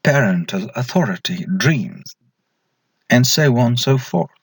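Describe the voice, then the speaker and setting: A man's voice: mid-range voice, expressive, measured pace, husky, no room sound. A man giving a recorded slide lecture as an English lecturer, posing questions to students and then answering them himself.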